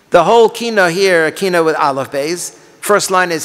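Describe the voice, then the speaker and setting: Impassioned rabbi in a reverberant hall. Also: male voice, fairly high pitch, normal speed. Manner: impassioned, swings from quiet explaining to pleading cries; reads Hebrew lines then explains them. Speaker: rabbi teaching a class. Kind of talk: Torah lecture on liturgical laments.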